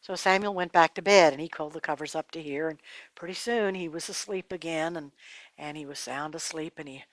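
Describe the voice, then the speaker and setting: A woman telling a Bible story to children in an animated, dramatic way, dropping her voice to a hush at times. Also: sits low, a little fast, no room sound.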